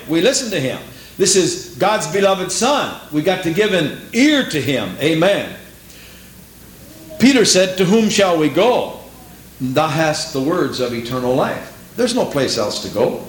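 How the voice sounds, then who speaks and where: A male preacher delivering a sermon in a sing-song cadence, his voice swooping lively up and down as he repeats phrases. He quotes scripture in old-fashioned biblical wording, and his fairly high voice carries through an echoey room with a faint hiss behind it.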